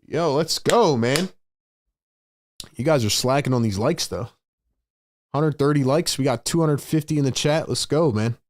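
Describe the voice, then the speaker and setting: A man hosting a live fan stream, calling the game play by play and reacting excitedly while talking to viewers in the chat. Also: mid-range voice, a little slow, pauses often, dry recording, clean studio sound. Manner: excitable, shouts big plays, chats with viewers. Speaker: livestream host.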